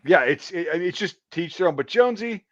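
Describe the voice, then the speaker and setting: A man's voice: high voice, lively intonation, brisk, a bit bright, lo-fi sound. A man in his thirties hosting a crude casual talk show, telling profane stories and laughing often. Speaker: podcast host.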